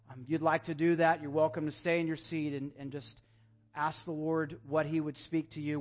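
A young man preaching a sermon as pastor, earnest and emphatic, swelling with feeling and then easing to a soft, intimate close. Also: on the high side, muffled recording. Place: church sanctuary.

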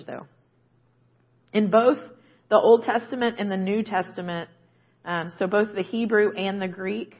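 A woman's voice: mid-range voice, highs cut off. A woman preaching a conversational sermon, often checking in with "right?". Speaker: guest preacher.

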